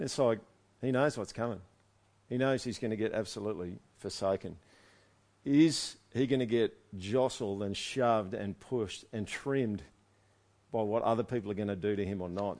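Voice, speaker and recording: A male pastor preaching to a congregation in a casual, conversational way. He reads a passage aloud, then jumps into animated asides that rise loud and high before he drops back to a quiet, low reading voice. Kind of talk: sermon reading and commenting on scripture.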